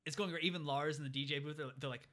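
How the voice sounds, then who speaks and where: Fast, bright-voiced man retelling a film. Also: a little high, steady tone. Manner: rambling retelling with many fillers and quick quoted voices. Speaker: podcast co-host recapping a film. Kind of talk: casual chat.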